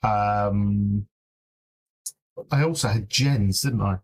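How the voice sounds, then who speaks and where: Husky-voiced man muttering while streaming. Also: fairly low pitch, drawn-out words. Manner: mutters to himself while searching files, fretful. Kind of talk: casual live-stream commentary.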